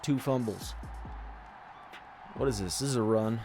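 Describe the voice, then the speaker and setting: A young man calls a football video game live, his middle-pitched voice loud and joking as he trash-talks the players on screen. Faint music runs underneath. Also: measured pace. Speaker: gaming commentator. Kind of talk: casual video game commentary.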